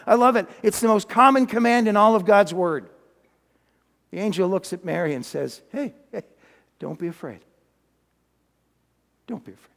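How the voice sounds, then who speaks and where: A man preaching a sermon, retelling a story in a lively way with folksy, humorous asides. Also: extremely high pitch, in a large hall.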